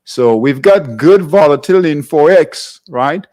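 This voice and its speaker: A man with a highish, slightly mellow voice hosts a live trading workshop, expressive and measured in pace. He thinks aloud over charts and checks in with "all right?" between phrases.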